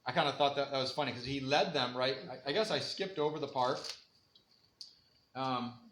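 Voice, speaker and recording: A man's voice: mid-range voice, normal speed, a bit bright, slight background noise. A man giving an informal, conversational Bible lesson in a church room, laughing often as he talks. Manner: conversational, laughs often, acts out quoted voices. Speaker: Bible teacher. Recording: echoey room with faint ambience.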